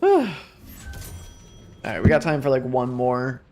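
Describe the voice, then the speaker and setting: A man's voice: medium pitch, wildly swooping pitch, slow, a little mellow, faint music behind. Tired rambling young man streaming a game. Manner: tired, rambling, self-deprecating. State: exhausted. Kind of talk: casual gameplay commentary.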